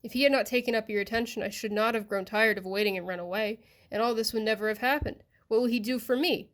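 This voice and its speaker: A woman's voice: fairly high pitch, fast, close to an everyday voice. A woman voicing an anxious, boastful male crab creature in a storybook reading, pleading and proud by turns.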